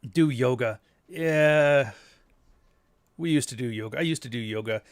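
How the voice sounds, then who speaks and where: A middle-aged man with a Canadian accent and a nasal voice, talking bluntly and crudely in a casual podcast monologue. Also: measured pace. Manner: blunt, crude and sardonic, with sudden high-pitched outbursts. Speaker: podcast host.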